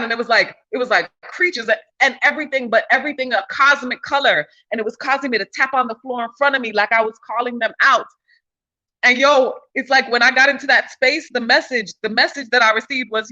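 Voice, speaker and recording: Bright-voiced woman telling a wild story. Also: high voice, fairly quick, lo-fi sound. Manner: animated, swearing, slangy. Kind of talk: casual spiritual storytelling.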